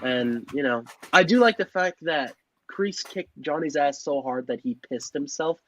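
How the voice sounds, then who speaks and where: A man with a slightly raised pitch talks hesitantly in a relaxed group chat. He pads his thoughts with fillers before he gets going. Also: normal speed, poor audio.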